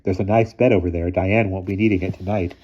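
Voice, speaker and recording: A man reading aloud, voicing a quick-witted, cheerful schoolgirl in a lifted, chirpy voice. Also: deep voice, fairly even intonation, warm tone, husky, lo-fi sound.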